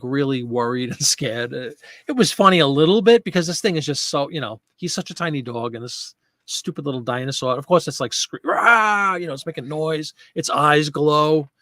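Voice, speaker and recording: A man's voice: on the high side, brisk, fairly bright tone, no room sound. Chatty middle-aged man, dry close mic. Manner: chatty, reads and answers viewer comments. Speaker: host of a live chat show for online sellers. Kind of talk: casual live-stream chat.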